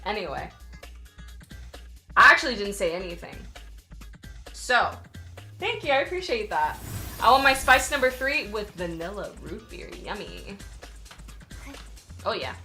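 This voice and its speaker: A woman's voice: high voice, bright, forceful tone. A young woman streamer chatting casually with her viewers, often laughing and apologizing as she reads chat.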